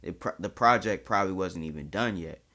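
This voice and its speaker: A man with a deep, low voice hosting a reaction video. He talks in a candid, chatty way and swears freely. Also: a little fast, pushed and bright. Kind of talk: casual reaction commentary.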